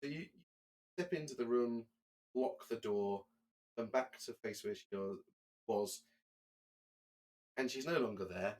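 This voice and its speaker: A man narrating as game master, in a loose, halting way with fillers and restarts. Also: mid-range voice, a little mellow.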